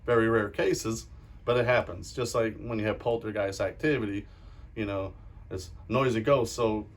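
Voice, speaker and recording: A man's voice: lowish voice, fairly even intonation, moderate pace. A man who investigates the paranormal, talking bluntly and earnestly in an interview and often repeating himself.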